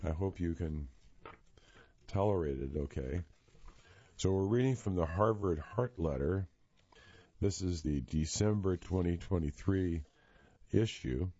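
A man with a hoarse voice reading health articles aloud for a reading service, steady and plain with a few fillers. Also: deep voice, measured pace, long pauses. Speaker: reading service volunteer reader. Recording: dull, lo-fi sound.

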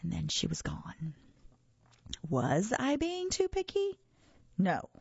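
A woman reading a children's story aloud with lively expression. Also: fairly low pitch, gravelly, husky, no room sound, highs cut off.

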